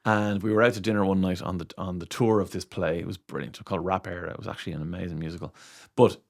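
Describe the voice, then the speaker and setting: A man's voice: low voice, racing. A middle-aged Irish man, a radio presenter, telling stories animatedly in a casual interview. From Ireland. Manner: animated storyteller, acts out quoted voices.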